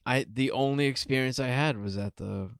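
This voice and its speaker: A man's voice: medium pitch, moderate pace, creaky, clear, resonant tone, no room sound, studio quality. A man in his thirties hosting a podcast, retelling stories and questioning his co-host while laughing a lot. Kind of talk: casual comedic chat.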